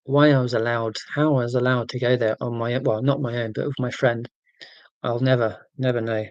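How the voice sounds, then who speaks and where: A man's voice: mid-range voice, fairly even intonation, a little fast, darkish tone, dry recording, lo-fi sound. A man, hosting a casual livestream and rambling self-deprecatingly through tangents. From United Kingdom. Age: 40s. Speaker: livestream host.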